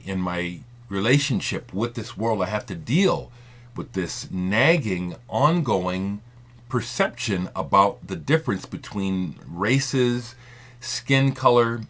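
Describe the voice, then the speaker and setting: A man's voice: on the low side, a bit bright. A man speaking in an impassioned, rambling monologue to his video audience. He repeats his points and swears for emphasis. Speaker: vinyl community video maker.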